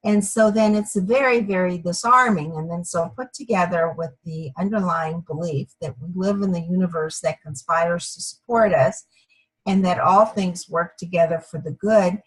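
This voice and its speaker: A woman student sharing in a class discussion, speaking in a measured, methodical way. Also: fairly low pitch, husky, low-quality recording.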